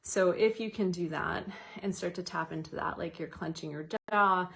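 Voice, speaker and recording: A woman educator giving a casual wellness talk, chatty with light laughs, guiding slow counted breathing. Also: lowish voice, gravelly, a bit bright.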